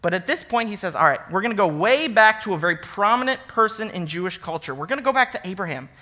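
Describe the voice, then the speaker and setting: Lively, bright-voiced young minister preaching. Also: male voice, sits high, fast. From American Midwest. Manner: animated and conversational, acts out scripture with sarcastic emphasis. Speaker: associate minister. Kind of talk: sermon.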